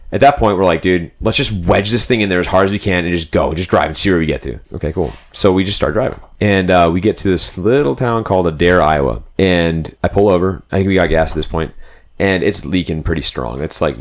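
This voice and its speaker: A young man telling a road trip story in casual, rambling podcast chat, full of "like" and "dude". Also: low-pitched. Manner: rambling, animated, fillers like "like" and "dude".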